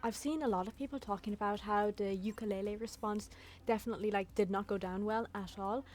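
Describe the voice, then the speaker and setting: A woman's voice: medium pitch, fairly even intonation, fairly quick. A young woman giving casual, blunt commentary in a chatty vlog style, swearing freely. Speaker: YouTube commentator.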